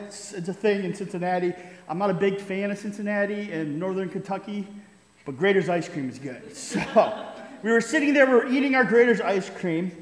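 A man preaching a sermon, telling a story with frequent "right?" asides and chuckles. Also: sits high. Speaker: pastor. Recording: roomy hall reverb.

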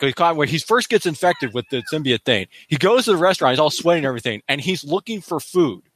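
A man's voice: fairly high pitch, fairly bright tone, husky, no echo. Rambling man in a casual movie chat. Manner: rambling, laughs often, acts out quotes. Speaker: podcast panelist.

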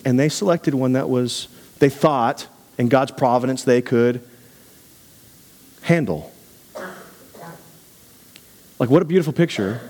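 A man preaching to a congregation, animated and conversational, dropping low for asides. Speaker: pastor. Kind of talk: sermon.

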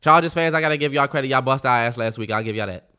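Bright-voiced man trash-talking football. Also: mid-range voice, racing, smooth. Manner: loud, trash-talking, swears a lot. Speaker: podcast co-host. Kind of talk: casual sports chat.

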